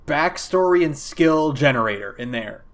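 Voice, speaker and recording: A man's voice: fairly high pitch, expressive, normal speed. A man co-hosting a podcast, chatting casually with lots of fillers and dry jokes. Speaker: podcast co-host. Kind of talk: casual chat. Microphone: remote call.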